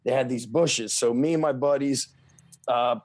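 A middle-aged man in casual chat, telling lively childhood stories with swearing and laughter. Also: medium pitch, normal speed, no room sound.

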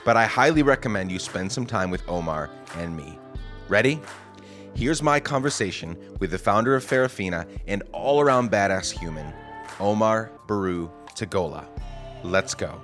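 A man's voice: fairly low pitch, animated, moderate pace, a bit bright, faint music behind. A man hosting a podcast with a casual, joking manner and a groggy morning voice. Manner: jokey, casual, self-deprecating. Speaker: podcast host. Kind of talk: conversational podcast interview.

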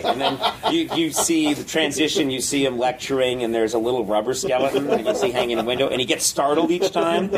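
A man's voice: mid-range voice, fairly quick, slight background noise. A man being interviewed as a guest comedian, telling stories animatedly and acting out scenes. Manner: animated, acts out scenes with sudden yelps. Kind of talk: casual interview storytelling.

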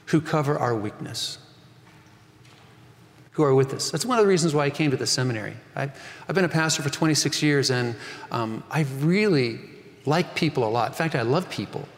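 Earnest preacher in an echoey hall. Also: male voice, fairly high pitch. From Northern California. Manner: earnest storytelling preacher, rising emphasis. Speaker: pastor. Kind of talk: sermon.

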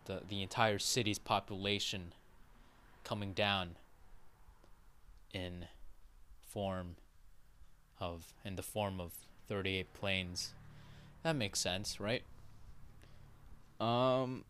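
Slow, rambling man hosting a podcast. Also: on the low side, fairly bright tone, a little hiss or hum. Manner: rambling, many fillers, casual swearing, asks "right?". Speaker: podcast host. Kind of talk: casual podcast monologue.

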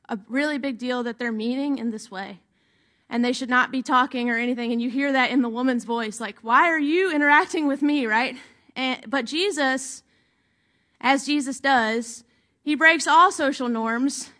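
A woman with a high, bright voice gives a sermon. She reads scripture and then preaches in a relaxed, conversational way. She keeps checking in with her listeners. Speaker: pastor.

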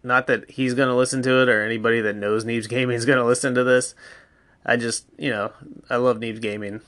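A man in his thirties rambles through a solo podcast, cursing freely and delivering a mock sponsorship with a deadpan shrug. His voice sits at an ordinary middle pitch. The sound is dry and close, with no room echo. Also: fairly quick. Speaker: podcast host. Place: home with pets around.

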